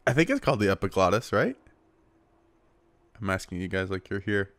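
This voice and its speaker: A man's voice: low voice, expressive, a little fast, fairly bright tone, no echo. A young man hosting a casual solo podcast, talking in a rambling, self-deprecating way full of fillers and restarts, recorded on a small handheld recorder. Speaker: podcast host.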